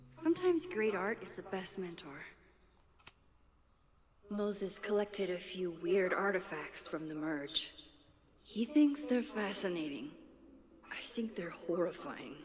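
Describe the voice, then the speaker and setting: A woman plays Max, a thoughtful young photographer who murmurs her thoughts softly, sometimes almost in a whisper. The recording has a long reverb tail, and clear game music plays underneath. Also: medium pitch, close to an everyday voice. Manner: soft, introspective, often near a whisper. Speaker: game character. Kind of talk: game voice acting with inner monologue.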